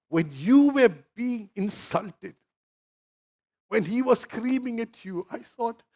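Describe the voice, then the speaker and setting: A man's voice: sits high, sing-song, unhurried, a little mellow. A man with an Indian English accent preaching a sermon, telling personal stories and speaking directly to the congregation. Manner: storytelling, addressing the congregation directly. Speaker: pastor.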